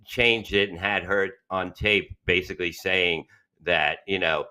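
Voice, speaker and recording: Bright-toned low-voiced man swearing freely. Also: fairly even intonation, a little slow. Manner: blunt, swears a lot, retells his own rehab arguments. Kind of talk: casual podcast chat.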